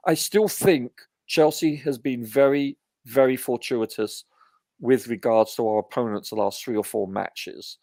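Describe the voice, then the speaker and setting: A man's voice: medium pitch, gravelly, darkish tone, no room sound, studio quality. A man on a live football review panel giving earnest, emphatic opinions, often hedging with "you know". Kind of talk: casual live match review.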